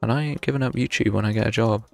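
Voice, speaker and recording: A man's voice: on the low side, rapid-fire, creaky, no room sound, faint music behind. A young man chatting casually while streaming a game, thinking aloud with wry self-mockery. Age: young adult. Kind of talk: casual live gameplay commentary.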